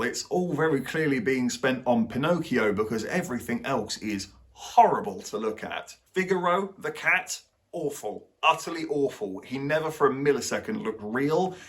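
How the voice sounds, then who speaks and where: A man's voice: medium pitch, a bit bright. A young man giving a blunt, sarcastic film review as the host of his channel.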